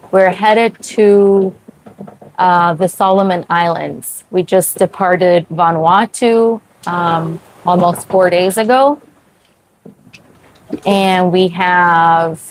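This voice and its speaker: A young woman hosting a casual livestream from her sailboat at sea, chatty, full of "like" fillers and quick laughs. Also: lowish voice, a little hiss or hum, low-quality recording. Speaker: sailing livestream host. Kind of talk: casual livestream chat with viewers.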